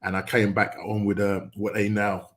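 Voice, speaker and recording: A middle-aged man hosting a podcast, talking casually in a halting, subdued way with many ums and uhs. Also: on the low side, completely flat delivery. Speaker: podcast host.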